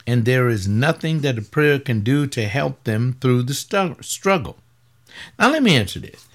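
A tired, aching male pastor giving a webcast talk in a voice of ordinary pitch. He rambles in a loose, conversational way, firing off blunt rhetorical questions. He often sinks low and quiet, then climbs sharply when he pushes a point. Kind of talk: webcast commentary reading and answering a paper.

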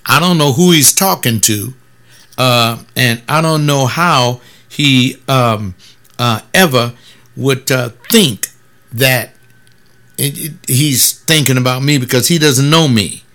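A man giving preachy, scornful commentary on a video, mixing quick asides with slow, heavily stressed words. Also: medium pitch, sharp tone.

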